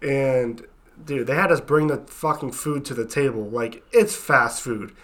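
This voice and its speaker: A man's voice: mid-range voice, unhurried, fairly bright tone. A young man co-hosting a casual podcast, telling blunt, profane stories. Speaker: podcast co-host. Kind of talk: casual chat.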